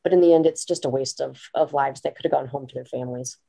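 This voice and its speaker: Low, gravelly American woman. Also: fast talker, mellow. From United States. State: tired. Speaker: panel guest. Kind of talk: casual debate.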